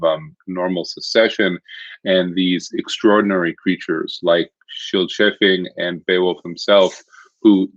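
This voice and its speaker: Man, literature lecturer, very low voice, conversational and explanatory, dry dull lo-fi recording. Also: no echo.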